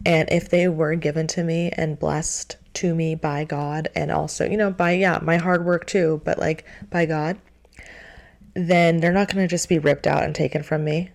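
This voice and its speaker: Young woman vlogger, lowish gravelly voice, casual earnest pep talk. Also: fairly even intonation, moderate pace, a little mellow. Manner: earnest, repetitive, faith-filled reassurance. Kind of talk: casual encouraging monologue.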